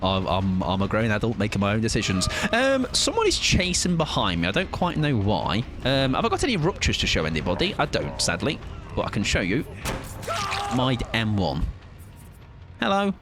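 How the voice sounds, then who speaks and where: A man's voice: on the low side, wildly swooping pitch, normal speed, over music. A man chatting casually and joking through a gaming stream, swearing freely and mocking himself.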